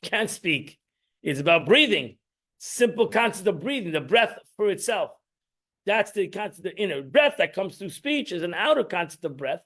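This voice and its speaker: A man's voice: high voice, sing-song, normal speed, a bit bright. A man, teaching an informal Torah class in a rambling, emphatic way, restarting and repeating himself.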